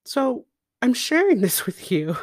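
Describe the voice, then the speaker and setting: Slow, deliberate storytelling woman. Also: a little high. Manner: slow, deliberate and expressive, with laughs. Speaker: podcast guest speaker. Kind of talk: personal storytelling.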